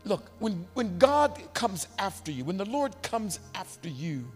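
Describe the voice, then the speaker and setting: A man preaching a sermon as bishop, animated and given to shouting for emphasis. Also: high voice, unhurried, big-room sound, soft background music.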